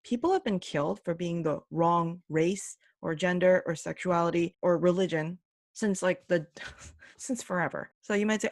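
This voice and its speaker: A young woman gives her opinions on her own podcast, earnest and emphatic, with a gravelly fry running under her mid-range voice. The sound is close and dry, with no room around it. She drops into brief mocking impressions of other people. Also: on the low side, a little slow, no echo. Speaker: podcast host. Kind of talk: opinionated solo commentary.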